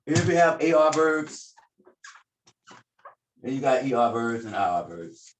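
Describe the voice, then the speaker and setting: A man's voice: mid-range voice, sing-song, unhurried, roomy sound, slight background noise. A man teaching a class at a board, explaining informally and correcting himself as he goes. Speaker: Spanish teacher.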